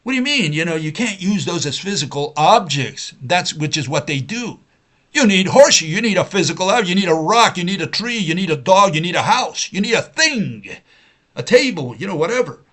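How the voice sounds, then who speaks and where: A man with a somewhat high voice hosts a livestream and lectures in a long, rambling monologue. He argues and repeats himself, filling gaps with "uh" and "you know," and he mocks the people he disagrees with by mimicking them. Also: very animated, a little fast, fairly bright tone. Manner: argumentative, repetitive, with frequent "you know" and "uh" fillers; mocking, mimics opponents in quoted voices. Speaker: host of a science-skeptic livestream.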